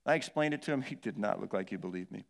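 A middle-aged male pastor telling a dramatic personal story in a sermon, acting out his own shouts and moans. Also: fairly low pitch, quick pace, gravelly, in a large hall. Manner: animated storytelling, acts out yelling and moaning.

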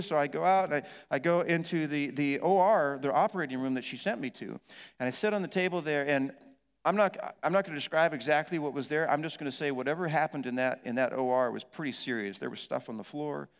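A middle-aged male pastor with a somewhat high voice tells a wild personal story from the pulpit, shouting and groaning as he acts out each moment. His words ring out through a big hall with a long echo. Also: smooth. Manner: animated storytelling, acts out yelling and moaning. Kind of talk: storytelling sermon.

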